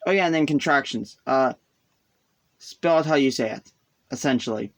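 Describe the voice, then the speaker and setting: A man's voice: medium pitch, moderate pace. A man casually explaining what he has taught himself, rambling and hesitant, poking fun at himself and sounding out vowels aloud as he goes. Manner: rambling, hesitant, self-deprecating. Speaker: hobbyist explaining a language.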